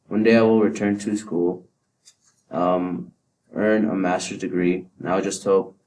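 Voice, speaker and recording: A man delivering a first-person monologue in a halting way, often stopping to restart or correct a word. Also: low-pitched, a little mellow. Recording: distant mic, faint ambient noise.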